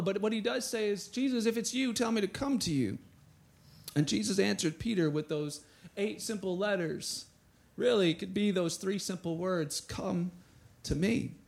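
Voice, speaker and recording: Male pastor, sermon, high voice, gravelly edge, animated storytelling. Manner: animated, acts out quotes with rising voice.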